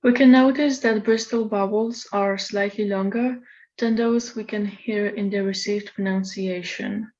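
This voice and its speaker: A woman gives a recorded lecture presentation in a measured, explanatory manner. Her voice sits at a middle pitch, and the recording sounds slightly dull and lo-fi. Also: steady tone, darkish tone.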